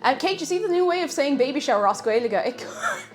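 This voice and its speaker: A woman's voice: high-pitched, animated, fast, faint music behind. A young Irish woman live-streaming as she cooks in her kitchen at home, chatty and giggly, reading her chat aloud. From Ireland. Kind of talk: casual live-stream chat while cooking.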